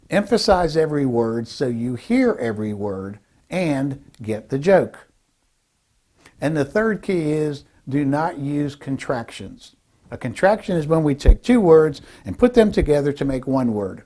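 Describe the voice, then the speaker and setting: A man giving a direct-to-camera lesson as a speaking coach, emphatic and deliberate, slowing down to stress key phrases. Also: a little high, expressive, warm tone. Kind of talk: direct-to-camera instructional talk.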